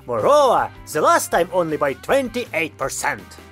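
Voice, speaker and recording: A cheeky young woman with a high, shrill, bubbly voice, as a male narrator puts her on. Her pitch leaps all over as she jokes. Soft music plays underneath. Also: huge pitch swings, a little slow, heavily acted. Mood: excited.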